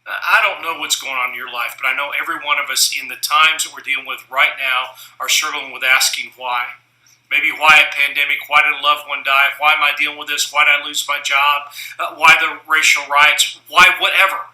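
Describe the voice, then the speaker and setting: A man's voice: fairly high pitch, level tone, a little fast, pushed and bright. A man preaching a sermon, telling stories in an earnest, conversational way. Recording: echoey room.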